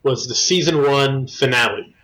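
A man's voice: mid-range voice, normal speed, a bit bright, low-quality recording. A man guesting on a podcast in casual comedic chat, rambling and enthusiastic.

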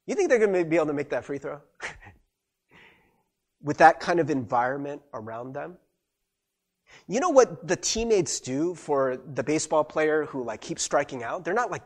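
A man's voice: high-pitched, moderate pace. A man preaching a casual, conversational sermon as pastor, talking to his listeners with rhetorical questions and acted-out quotes. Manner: conversational, animated, acts out quoted voices.

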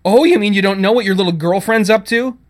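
A man's voice: high voice, quick pace, pitched above the performer's own voice, close to an everyday voice. A man reading a story, voicing an indignant, sarcastic young woman who works in a shop. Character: sharp-tongued young woman, fiery shop worker.

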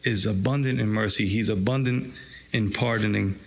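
A man's voice: lowish voice, fairly even intonation, normal speed, gravelly. A man preaching a sermon, reading scripture aloud and drawing out its lesson with rising emphasis. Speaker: pastor.

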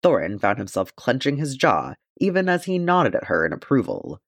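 Lively, expressive male audiobook narrator. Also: mid-range voice, normal speed, no echo, clean studio sound. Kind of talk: fan fiction audiobook narration.

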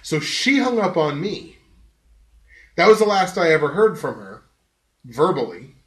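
A man's voice: a little high, a little slow, reverberant. Laughing, swearing male podcast host. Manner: animated, profane, laughs often while telling stories. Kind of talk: casual storytelling chat.

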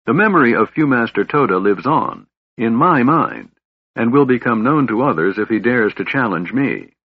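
A man's voice: mid-range voice, animated, normal speed, husky. A man voicing a cold, imperious, masked human warlord who commands dragons, in an audiobook. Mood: stern commanding. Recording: dull lo-fi audiobook recording.

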